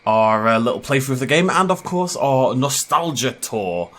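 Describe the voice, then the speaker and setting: Man, gameplay commentary, animated pitch, jokey and chatty, laughs a lot. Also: normal speed. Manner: chatty, joking, laughs often. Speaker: gaming YouTuber.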